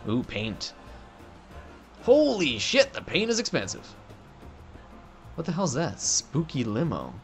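A man's voice: medium pitch, wildly swooping pitch, unhurried, pauses often, faint music behind. A young man doing profane, joking let's play commentary on a game. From Canada. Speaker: gaming commentator.

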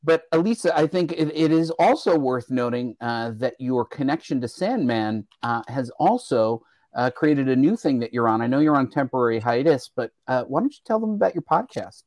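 A man's voice: medium pitch, expressive, normal speed, few pauses, a little mellow, dry recording. A man co-hosting an interview, teasing and prompting the guest in a casual chat. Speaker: podcast co-host.

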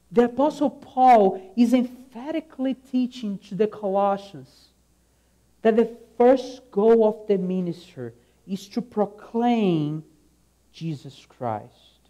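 Preaching in a high, expressive voice, this man moves at a slow, deliberate pace with warmth and mellowness. He is earnest and emphatic, returning again and again to a key phrase, and his lines fade softly at their ends.

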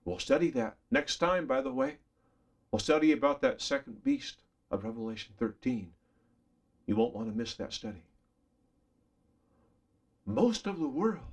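Male preacher, slow delivery, emphatic, earnest, speaks straight to the listener. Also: a little high. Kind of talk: sermon Bible study.

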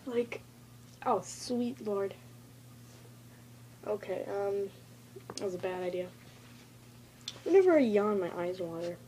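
A woman's voice: medium pitch, animated, moderate pace, long pauses, dark tone, slight background noise. A woman recording a casual, rambling tutorial vlog in her bedroom, chatty and goofy and easily sidetracked. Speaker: vlogger.

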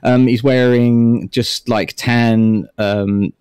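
A man's voice: mid-range voice, steady tone, very slow, darkish tone, smooth, dry recording, clean studio sound. Rambling young man describing his character. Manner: rambling, many ums and likes. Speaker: player. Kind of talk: describing a character in a tabletop game.

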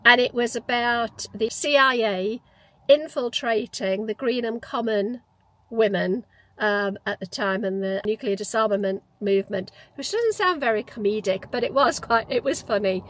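A woman's voice: a little high, normal speed, fairly bright tone, no echo, low-quality recording. Chatty woman in her fifties. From Newcastle, England. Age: 50s. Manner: reflective, chatty, many restarts and fillers. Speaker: vlogger. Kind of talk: casual personal storytelling.

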